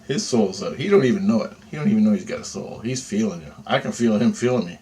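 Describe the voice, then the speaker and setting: Here a male vlogger retells a dream quickly, in a lowish, mellow voice. The monologue wanders and sounds agitated, full of curses and repeated "right?" check-ins.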